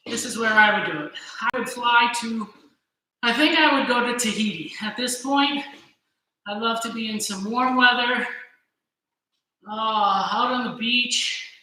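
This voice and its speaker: A woman coaching a kids' gymnastics warm-up, cheering and counting as she leads each drill. Her voice is bright and fairly high, slow and deliberate, and a little out of breath. It sounds like a very echoey room with faint background noise. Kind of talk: virtual fitness class instruction.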